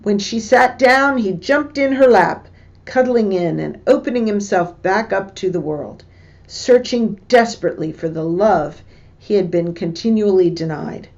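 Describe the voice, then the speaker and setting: A woman teacher reading a book passage aloud and stopping to explain what words mean, in a slow, deliberate way. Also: medium pitch, dull audio. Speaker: English teacher.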